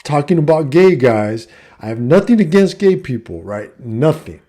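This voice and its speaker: A man's voice: fairly high pitch, big pitch swings, normal speed, warm tone. A middle-aged man telling a story in a blunt, profane, casual rant. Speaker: vlogger and coach.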